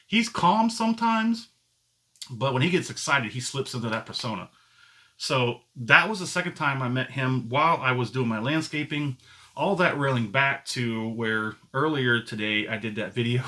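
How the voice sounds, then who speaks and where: A man's voice: mid-range voice, bright, forceful tone. A middle-aged man hosting his own channel, telling a story to camera in a loose, rambling way that keeps correcting itself. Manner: rambling, self-correcting talk. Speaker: channel host.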